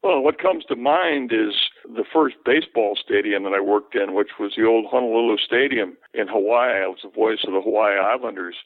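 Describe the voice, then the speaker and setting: Older man, sports broadcaster, gravelly voice, tinny phone line, storytelling. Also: on the low side, no echo. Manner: relaxed anecdotal storytelling. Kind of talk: casual interview, storytelling.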